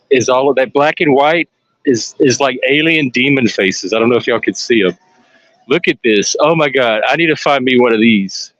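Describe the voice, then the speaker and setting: A man, casually commenting on a parade live for listeners, excitable and chatty. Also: mid-range voice, dry recording, dull audio. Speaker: live stream panelist. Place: outdoors at a street parade.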